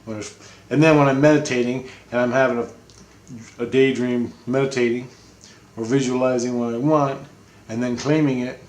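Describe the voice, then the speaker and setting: Male vlogger, mid pitch, blunt and rambling, casual update, echoey room. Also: fairly even intonation, normal speed, darkish tone. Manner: rambling, blunt, swears freely. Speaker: spiritual vlogger. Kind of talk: casual spoken video update.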